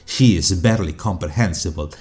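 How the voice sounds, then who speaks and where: A man whose first language is Spanish, narrating a video essay with dry, critical, measured delivery. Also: sits low, darkish tone. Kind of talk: scripted narration.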